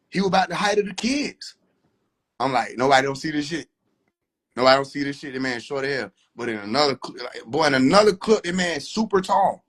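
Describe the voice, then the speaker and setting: Young guy ranting on a vid, husky voice, kinda high, laughs and cusses a lot. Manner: animated, joking, swears a lot, laughs often. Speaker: commentary creator. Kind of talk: casual reaction commentary.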